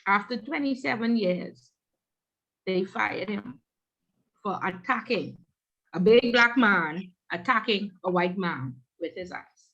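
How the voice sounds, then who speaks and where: A woman instructor leading an online class, telling a workplace story in an animated way. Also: mid-range voice, takes it slowly, highs cut off. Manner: animated, acts out quoted voices.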